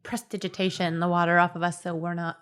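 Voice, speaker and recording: A woman's voice: fairly low pitch, little pitch movement, fast talker, fairly bright tone, clear, resonant tone. A woman playing a tabletop game, chatty and informal, with fillers. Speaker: player. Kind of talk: casual tabletop play.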